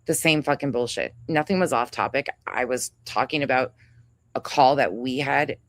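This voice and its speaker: A bass-voiced woman speaks at normal speed on a livestream, recorded with no room sound. The heated rant is angry, profane and confrontational as she calls out another creator and reads names from chat.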